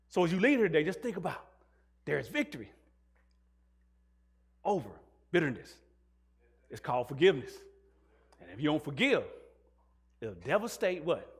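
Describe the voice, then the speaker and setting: A man's voice: on the high side, slightly rough. A male pastor preaching a sermon, asking the congregation questions and mixing in jokes. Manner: call-and-response questions to the congregation.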